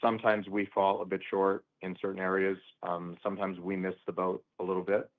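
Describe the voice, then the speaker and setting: Deep-voiced executive man on a phone line. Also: flat delivery. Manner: measured, hesitant with many ums. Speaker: company executive answering analysts. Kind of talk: earnings call answers. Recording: narrow phone-line audio.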